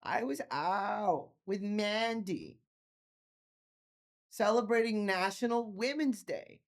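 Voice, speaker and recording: A man voicing a drunk young woman who talks slowly and vaguely while defending her night out. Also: high voice. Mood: tipsy, vague. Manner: slow, drawn-out and vague.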